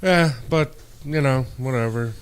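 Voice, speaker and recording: A man's voice: medium pitch, a little slow, clear, resonant tone. A young man hosting a podcast, rambling through a story in casual chat and acting out quoted exchanges. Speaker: podcast host.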